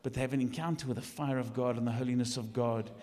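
A man, a lead pastor, preaching in a church, jokey and animated, jumping from shouts to quiet asides. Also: medium pitch, fast talker, big-room sound. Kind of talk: sermon. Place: church hall.

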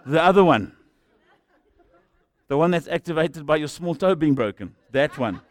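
A man's voice: on the high side, animated, moderate pace. A man with a South African accent preaching a sermon as a jokey storyteller who acts out the people in his stories.

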